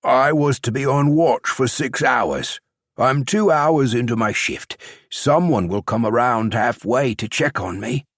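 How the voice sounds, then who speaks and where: A man's voice: medium pitch, unhurried, no echo, clean studio sound, voice pushed up, natural voice. A man voicing a frightened young male soldier who stammers and pleads. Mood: nervous, desperate.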